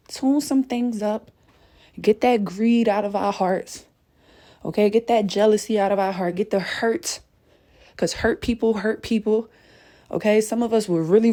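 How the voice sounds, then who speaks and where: A woman preaches to her viewers with a mellow, dark tone. She is emphatic and a bit breathless from pacing as she talks. She keeps checking in with the listener through "okay?" and "y'all". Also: mid-range voice. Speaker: spiritual content creator. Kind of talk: impassioned spiritual message to viewers. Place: indoors at home, late at night.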